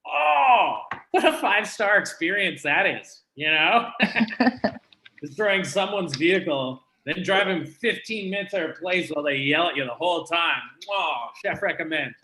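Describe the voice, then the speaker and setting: A man's voice: sits high, animated, a little slow, bright, forceful tone. A young man from Canada doing a live stand-up comedy set, self-deprecating and conversational. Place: comedy venue with live audience.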